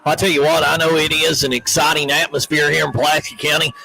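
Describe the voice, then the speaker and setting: A man doing color commentary on a high school football game, chatty and full of hype. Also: flat delivery, fast talker, creaky, sharp tone, a little hiss or hum, low-quality recording.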